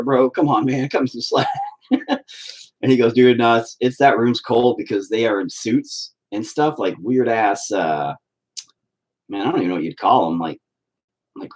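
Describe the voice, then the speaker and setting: Young male host, husky, foul-mouthed, rambling, blunt storyteller. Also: medium pitch, low-quality recording. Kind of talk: casual storytelling rant.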